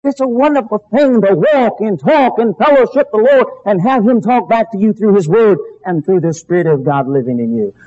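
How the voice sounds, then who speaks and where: A man preaching a sermon, fervent and emphatic, with dramatic pauses and shifts between loud and quiet. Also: sits high, slight background noise. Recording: dull lo-fi recording.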